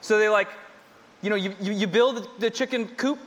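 A man's voice: sits high, moderate pace. A man preaching a sermon to a congregation in a conversational way, repeating his points and adding humorous asides. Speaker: pastor. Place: large church hall with a congregation. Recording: long hall reverb.

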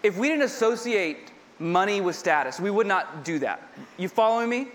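High-pitched guy preaching a chatty sermon, repeats himself a lot, jokey asides, big echoey church hall. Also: animated, normal speed, a bit bright, a little hiss or hum. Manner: conversational, repeats points, humorous asides. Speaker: pastor. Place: large church hall with a congregation. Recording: long hall reverb.

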